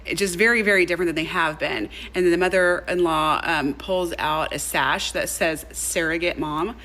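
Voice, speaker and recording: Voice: medium pitch, fairly even intonation, normal speed, pushed and bright, low-quality recording. A speaker from a played clip retelling a story in a chatty, gossipy way. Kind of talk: casual storytime.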